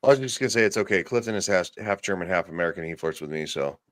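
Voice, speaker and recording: A man's voice: low-pitched, expressive, rapid-fire. A man co-hosting a casual chat, easygoing and joking.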